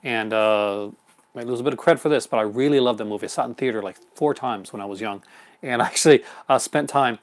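Quick, rambling male host. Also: mid-range voice. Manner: rambling, quick, chuckling often. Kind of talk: casual live unboxing chat.

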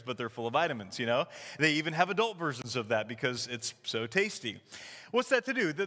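A man in his thirties preaching a casual, conversational sermon as the church's pastor, telling stories with animated quoted voices. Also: on the high side. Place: church sanctuary. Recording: long hall reverb.

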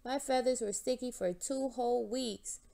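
A woman's voice: fairly high pitch, moderate pace, creaky, pitched above the performer's own voice. A woman doing a bossy sensible sparrow girl. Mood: firm. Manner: practical, gently bossy. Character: sensible know-it-all female sparrow.

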